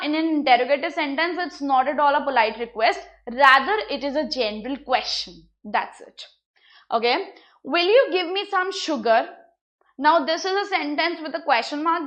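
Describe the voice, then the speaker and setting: A woman's voice: high voice, a bit bright. A woman with an Indian English accent teaching English grammar, explaining patiently and repeating each point with examples. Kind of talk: classroom grammar lesson.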